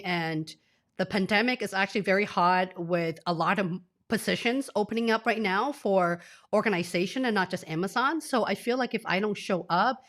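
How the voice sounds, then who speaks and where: A woman in her forties hosts a live stream from a home office, speaking through a desk mic. She is under the weather, sniffly and near tears. She talks straight to her viewers in an effusive, emotional way. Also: medium pitch. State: sick, sniffly, tearful. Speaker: career coach.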